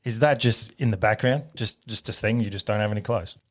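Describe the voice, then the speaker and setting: Male podcast host, low voice, easygoing and curious. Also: a little fast. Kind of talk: casual interview questions.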